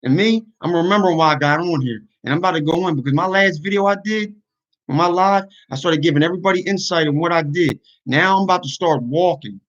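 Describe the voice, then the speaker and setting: A man speaks earnestly to his online viewers in a casual livestream, airing his frustration. His voice sits a bit higher than most men's. The stream audio is dull and lo-fi. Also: quick pace, fairly bright tone. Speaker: YouTuber and podcaster.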